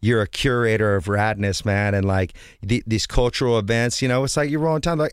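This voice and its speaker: A man's voice: medium pitch, brisk, clean tone, no echo, studio quality. A man, a guest musician, chatting in a laid-back way and calling people dude and man. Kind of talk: casual interview chat.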